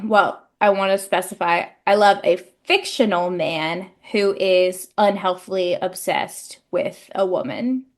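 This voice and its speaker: This time the young book podcast co-host speaks with a fairly low pitch and a steady tone, keeping a measured pace with hardly any pauses. Her chat is casual and laughter-filled, sprinkled with plenty of "like."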